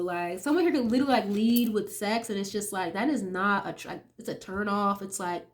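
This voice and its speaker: Brisk and with few pauses, a young woman in a medium-pitched voice gives a chatty, casual tarot reading while getting over a cold, sniffling along the way. "Okay?" comes up again and again, and she swears casually.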